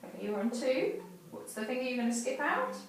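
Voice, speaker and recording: Gentle violin teacher, distant echoey room. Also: female voice, high-pitched, sing-song, noisy background. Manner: gentle and encouraging, asks questions slowly. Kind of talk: patient one-to-one lesson teaching.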